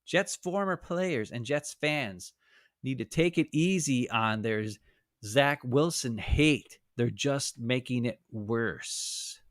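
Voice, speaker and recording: A man co-hosting a casual sports chat, animated and sarcastic, mocking others in put-on quotes. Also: mid-range voice, slow pace, no room sound, studio quality. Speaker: co-host. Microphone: live stream mic.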